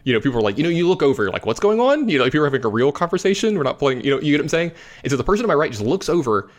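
A man's voice: medium pitch, racing. Rambling man telling a story. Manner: animated, rambling, lots of fillers. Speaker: competitive card game player. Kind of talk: casual storytelling.

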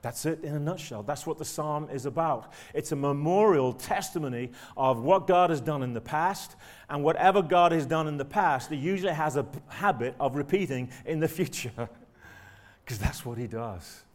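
A man preaching a sermon in a church with a fairly high voice. He keeps a conversational tone and often turns to the listeners with rhetorical tag questions. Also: lively intonation, normal speed.

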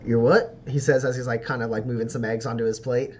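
A man's voice: medium pitch, level tone, quick pace, darkish tone, slight background noise. Rambling man running a tabletop game. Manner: rambling, filler-heavy, laughs often. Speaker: game master. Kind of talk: casual tabletop narration.

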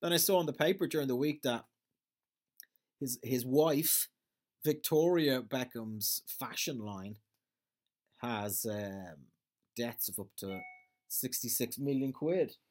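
A man's voice: medium pitch, slow, long pauses. A man with an Irish accent in a casual, rambling monologue, swearing freely and trailing off as he hunts for words. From Ireland.

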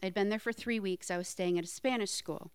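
A woman's voice: mid-range voice, brisk, smooth, no echo, studio quality. A woman in her thirties telling a personal story on stage in a plain, matter-of-fact way.

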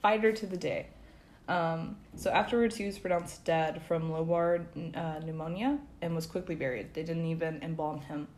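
A woman's voice: sits low, steady tone, normal speed, darkish tone, slight background noise. A young woman casually retelling a true-crime case as a podcast co-host, peppering her talk with "um" and "like". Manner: chatty, many fillers like "um" and "like".

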